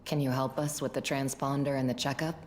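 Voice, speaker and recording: A blunt young starship captain with a very low voice. She talks in a terse, matter-of-fact way in this video game dialogue, with a faint hum underneath. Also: level tone, brisk, darkish tone. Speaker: game character.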